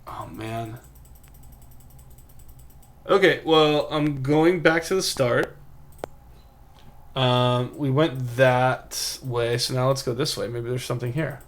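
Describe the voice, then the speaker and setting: A man's voice: mid-range voice, slow, pauses often. Man rambling through live game commentary. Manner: rambling, thinks aloud, self-mocking. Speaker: game streamer.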